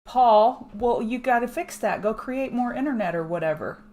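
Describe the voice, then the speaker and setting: A woman's voice: a little high, animated, normal speed, a little mellow. A woman in her thirties hosting a casual market livestream, chatty and greeting viewers by name. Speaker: livestream market analyst host.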